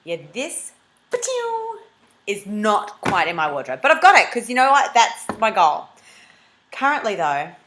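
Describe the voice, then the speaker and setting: An Australian vlogger talks to the camera in a comic confessional video, lively and full of jokes. Every so often she leaps into a squeaky high voice.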